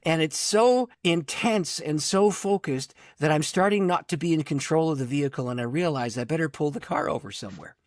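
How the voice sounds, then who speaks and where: A man's voice: a little high, animated, a little fast, hardly any pauses, dry recording, studio quality. A middle-aged man, a pastor, telling a personal story in conversation, acting out the voices in his quotes. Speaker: pastor and author, podcast guest.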